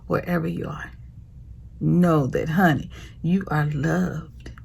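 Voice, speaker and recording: A woman hosting her own show, giving a slow, affectionate prophetic message that often sinks into a whisper. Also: sits low, level tone, a little mellow. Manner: slow, breathy, drifts into whispers; affectionate, calls listeners honey and baby. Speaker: host. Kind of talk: prophetic motivational monologue.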